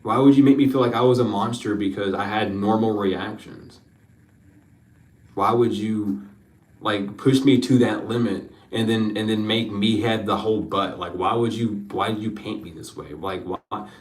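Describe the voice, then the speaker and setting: A man's voice: fairly low pitch, fairly even intonation, moderate pace, echoey room, distant mic, poor audio. A man giving an emotional spiritual reading, rambling, repeating his questions and swearing freely. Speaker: spiritual card reader.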